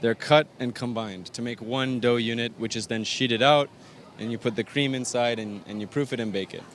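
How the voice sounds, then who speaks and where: An on-location interview features an Arizona pastry chef and bakery owner explaining his pastries in detail with fillers, his mid-range, slightly bright voice fairly even in intonation and moderate in pace. Faint outdoor traffic is audible.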